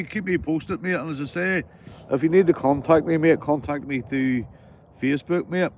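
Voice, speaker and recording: A man's voice: on the high side, moderate pace, a little mellow, slight background noise. A Northern Irish man chatting casually to livestream viewers while fishing, easygoing and full of banter, swearing freely and calling everyone mate. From Northern Ireland. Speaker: livestreaming angler.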